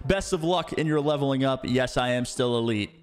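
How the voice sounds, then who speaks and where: A young man giving relaxed, chatty gameplay commentary and explaining his setups. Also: medium pitch, brisk, smooth. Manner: relaxed, chatty, uses fillers. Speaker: gaming streamer.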